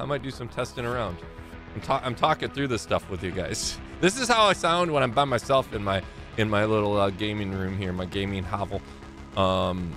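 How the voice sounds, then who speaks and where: A man's voice: on the low side, fairly bright tone. A man with a Michigan accent chatting casually on a live stream from his small home gaming room, rambling and poking fun at himself as he greets viewers by name. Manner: rambling, self-mocking, greets chat by name.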